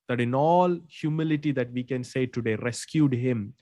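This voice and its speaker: A man's voice: medium pitch, warm tone, dry recording. A man hosts a faith talk show, speaking to viewers with the emphatic, stretched-out phrasing of a preacher. His voice sits in a middle range and the sound is dry. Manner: emphatic, drawn-out preaching delivery. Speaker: host and pastor.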